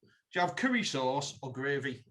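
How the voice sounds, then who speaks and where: A man's voice: medium pitch, big pitch swings, moderate pace, fairly bright tone. Man teasing his co-host. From Teesside, North East England. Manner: teasing, dry, reads listener questions. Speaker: podcast co-host. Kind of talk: casual chat.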